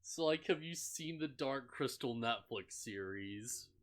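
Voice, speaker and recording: On a casual podcast, a young male co-host with a medium-pitched, lively voice goes over an anime a little slowly. He rambles, laughing often and using many fillers like "like," and slips into mock voices for the characters.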